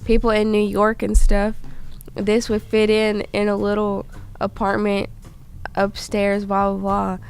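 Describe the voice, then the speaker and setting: A woman's voice: medium pitch, monotone, a little slow, a little mellow, clean tone. A young woman hosting a casual chat, talking easily while sick with a stuffy voice. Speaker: student host.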